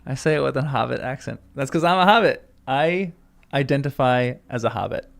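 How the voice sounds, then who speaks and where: Reading a fantasy book for his channel, an American host keeps breaking off to chat, think aloud, and laugh. He has a fairly high, expressive voice with vocal fry and a measured pace. The read-along comes with plenty of casual remarks.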